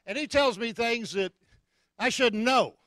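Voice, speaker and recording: A man preaching, telling anecdotes with lively delivery and repeated punchlines. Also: very high-pitched, dry recording. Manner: animated storyteller, repeats punchlines. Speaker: guest preacher. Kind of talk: anecdotal sermon. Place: church.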